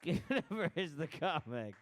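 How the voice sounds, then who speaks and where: A man hosting as emcee, loudly hyping the comedians as they come to the stage. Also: high-pitched, very animated, normal speed, slight background noise. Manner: loud, hyping. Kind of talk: introducing comedians.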